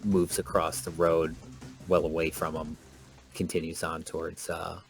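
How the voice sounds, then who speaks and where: A man playing a tabletop game, describing his character's actions in a casual, measured way. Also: low-pitched, completely flat delivery, vocal fry, soft background music. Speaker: player.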